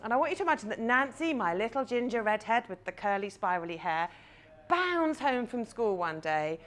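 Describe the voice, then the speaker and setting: A woman's voice: fairly high pitch, big pitch swings, brisk, fairly bright tone. A woman in her thirties, a confidence coach, giving a chatty live talk and guiding listeners through an imagined scene.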